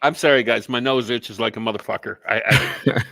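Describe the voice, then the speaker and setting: A man with a bright, forceful voice, cohosting a live chat show. He talks bluntly and swears freely, joking his way through crude topics. The sound is dry and close. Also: medium pitch, fairly even intonation, normal speed, gravelly, no room sound. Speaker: co-host.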